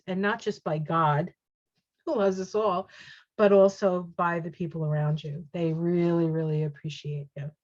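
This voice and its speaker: A woman giving a casual tarot reading, chatty and excitable, reacting aloud to each card as she turns it. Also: on the low side. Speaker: tarot reader. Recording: dull lo-fi sound.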